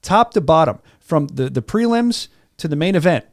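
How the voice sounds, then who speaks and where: A man's voice: a little high, animated, normal speed, no room sound. A man hosting a combat sports podcast in a studio, chatting casually and telling stories with enthusiasm. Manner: enthusiastic, storytelling, repeats words. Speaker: podcast host.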